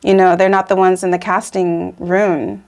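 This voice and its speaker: A woman's voice: lowish voice, little pitch movement, normal speed, darkish tone. A woman in her thirties from Atlanta, hosting a vlog, chatting casually and giggling often as she reacts and tells stories. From Atlanta, Georgia, USA. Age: 30s. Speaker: vlog host.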